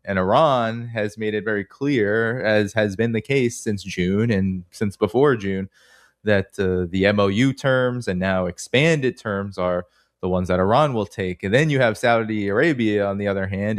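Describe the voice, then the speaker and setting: Boston-accented male host, lower voice, close and dry, rambles through his questions. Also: no room sound. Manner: long rambling questions full of fillers. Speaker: interview host. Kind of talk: interview questioning.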